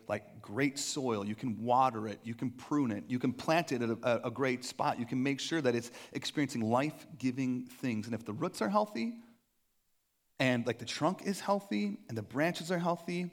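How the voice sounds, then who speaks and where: A middle-aged man, a pastor, preaching a casual sermon in a conversational, joking way, acting out little quoted voices. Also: mid-range voice.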